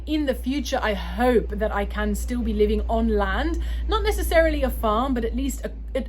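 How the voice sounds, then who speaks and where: A young adult woman from Australia answering viewer questions in a casual, long-winded way, often correcting herself. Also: a little high. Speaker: vlogger and poet. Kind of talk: casual Q&A chat.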